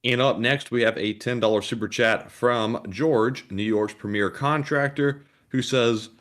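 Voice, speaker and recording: A man co-hosting a livestream who reads out viewer donations and messages in a brisk, announcing way that repeats the same pattern each time. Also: medium pitch, fairly even intonation, fairly bright tone. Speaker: co-host reading super chats.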